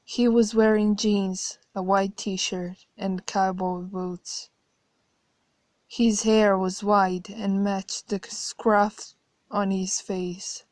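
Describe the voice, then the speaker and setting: A woman narrating a horror story in a measured, quiet way. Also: medium pitch, little pitch movement, dry recording.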